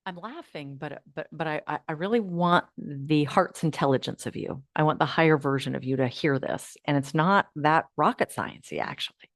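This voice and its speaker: A woman hosting a live online class, guiding listeners through affirmations in a coaching manner that moves between hushed and lively. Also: deep voice, normal speed, few pauses, no room sound, clean studio sound. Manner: warm coaching, swings from hushed to animated. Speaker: host of an uplift program.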